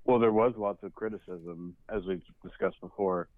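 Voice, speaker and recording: A man's voice: low-pitched, fairly even intonation, normal speed, no room sound. A man co-hosting a podcast, telling anecdotes in casual movie chat. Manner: chatty, storytelling, with fillers. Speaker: podcast co-host. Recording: dry, tinny phone-like line.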